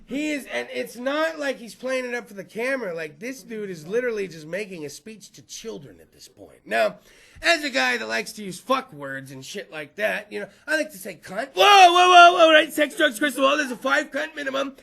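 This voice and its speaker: High, gravelly man telling comic stories. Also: big pitch swings, brisk, pushed and bright. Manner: profane, rambling, laughing often. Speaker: podcast host. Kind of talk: comedic storytelling monologue.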